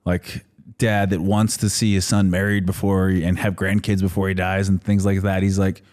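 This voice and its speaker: A man's voice: sits low, level tone, normal speed, a little mellow. A man in his thirties, a podcast guest, telling stories in casual chat with lots of fillers and laughs. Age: 30s. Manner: rambling storytelling with many fillers and laughs.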